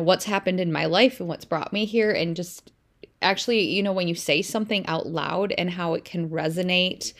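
A woman in her thirties co-hosts a relaxed podcast about faith. She talks in a chatty, animated way, moving easily from everyday stories to heartfelt reflection. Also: fairly low pitch. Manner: chatty storyteller, warm and animated. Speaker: podcast co-host. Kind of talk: casual faith chat.

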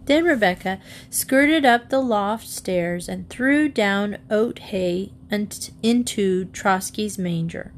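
A woman reading a children's book aloud, in an expressive storytelling manner. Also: medium pitch, slow pace, hardly any pauses, slight background noise. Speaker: narrator.

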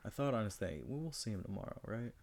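Young guy on a podcast, low voice, goofy and jokey, just chatting. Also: animated, a little mellow. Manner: joking and playful, quick to do silly voices. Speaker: podcast co-host. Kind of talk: casual chat.

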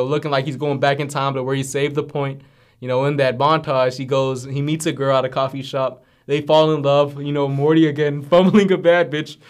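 A man's voice: medium pitch, clear, resonant tone. A man co-hosting a casual podcast, animatedly retelling cartoon episodes with plenty of slang and fillers. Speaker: podcast co-host.

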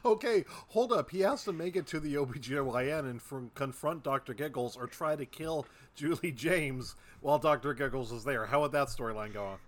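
A man's voice: mid-range voice, a little fast, hardly any pauses. A man in a casual chat, brainstorming a story and prompting his co-host with questions.

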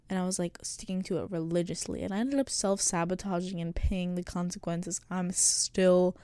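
A woman's voice: on the low side, warm tone, smooth, no echo. A woman in her late teens hosting a casual solo podcast, talking in a reflective, rambling way with lots of fillers, close to the mic. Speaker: podcast host. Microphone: close studio microphone.

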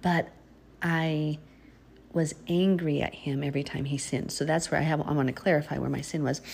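Middle-aged woman, informal preacher, fairly low pitch, earnest and urging, faint noise behind. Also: steady tone, normal speed, gravelly, darkish tone. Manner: earnest, exhorting, with laughs and asides. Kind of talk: informal religious teaching.

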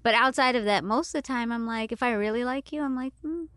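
A woman in her thirties hosting a casual chat, animated and frank, with lots of fillers and some swearing. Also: a little high, fast talker, clean tone, dry recording, studio quality.

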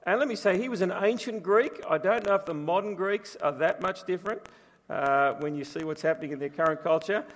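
A man's voice: high-pitched, fairly quick. A man preaching a sermon as pastor, telling stories in a chatty, humorous way. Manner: chatty storytelling with humour. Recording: long reverb from a large room.

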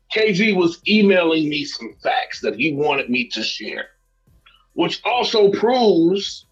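A man's voice: high-pitched, breathy edge. A man in a podcast debate giving a mock-formal rebuttal, theatrical and pleading, stammering at times. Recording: dull lo-fi sound.

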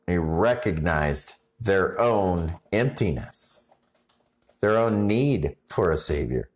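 Slow, deep-voiced man preaching a sermon. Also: expressive. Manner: conversational, halting restarts, rising intensity when reading scripture. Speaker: pastor.

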